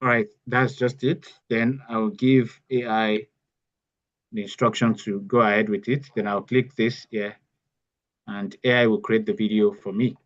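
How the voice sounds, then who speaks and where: A man's voice: on the low side, fairly even intonation, a little slow, muffled recording. A man teaching an online workshop step by step, repeating key phrases as he goes. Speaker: AI bootcamp instructor. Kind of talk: live online tutorial.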